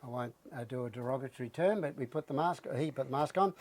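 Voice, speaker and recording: A middle-aged Australian man, an interview guest, telling his story with animated flair and acting out his own lines. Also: medium pitch, fast talker, dry recording. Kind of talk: casual interview.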